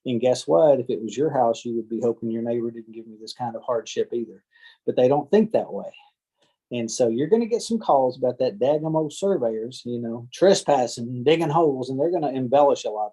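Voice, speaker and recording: A man's voice: medium pitch, fairly quick, mellow, slightly rough, rough recording. A man, a land surveyor giving a casual talk on a video-call training meeting, chatty and folksy, acting out the voices of angry homeowners. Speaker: land surveyor giving a talk to a team of real estate agents. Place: home or office on a video call. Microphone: computer or headset mic on a video call.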